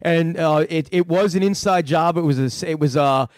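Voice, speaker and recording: Profane, rambling man with a high voice. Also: moderate pace, darkish tone, no echo, studio quality. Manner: profane, rambling storytelling with many restarts. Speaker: prank-call comedian answering a fan. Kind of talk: casual radio chat.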